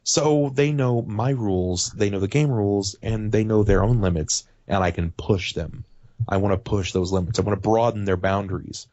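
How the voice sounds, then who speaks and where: A low-voiced man chatting on a podcast, rambling and animated about the tabletop campaigns he runs. The sound is dry and a little dull, like lo-fi home podcast audio. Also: normal speed, no room sound. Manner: animated, rambling, swears casually. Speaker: podcast guest, tabletop game master. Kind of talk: casual podcast chat.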